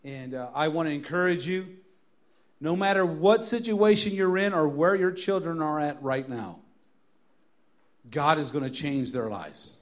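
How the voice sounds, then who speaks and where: A middle-aged pastor delivers a sermon in a church, his voice sitting a bit higher than most men's. He tells funny stories in a loose, conversational way and leans hard into emphatic, repeated refrains. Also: expressive, normal speed. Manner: joking storyteller who builds to emphatic repeated lines. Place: church sanctuary.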